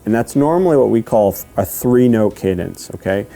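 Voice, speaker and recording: A man giving a step-by-step lesson, patient and repetitive, often checking in with "okay?" and slowly counting out rhythms. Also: fairly low pitch, animated, creaky, dark tone, faint music behind. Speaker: duck calling instructor. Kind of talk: step-by-step instruction.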